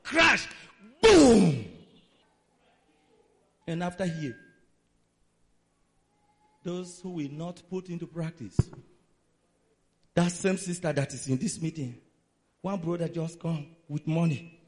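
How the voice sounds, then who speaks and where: A man's voice: on the high side, steady tone, unhurried, pauses often, mellow. A man preaching a sermon in a dramatic, emphatic way.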